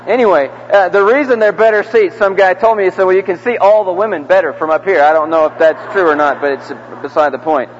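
A man's voice: sits high, quick pace, few pauses. A male preacher leading a large church crowd in call-and-response during a sermon, coaxing them section by section. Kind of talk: interactive sermon. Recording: dull echoey hall recording from the mic.

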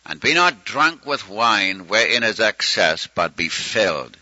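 Folksy preacher with a bright, tense voice. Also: male voice, lowish voice, big pitch swings, measured pace, no room sound. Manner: folksy storytelling, acts out quoted prayers. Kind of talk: sermon teaching. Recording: muffled lo-fi recording.

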